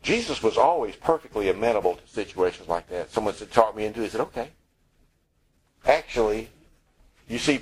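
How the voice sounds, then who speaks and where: Husky-voiced male preacher, conversational sermon. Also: mid-range voice, low-quality recording. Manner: conversational, wry, acts out quoted lines.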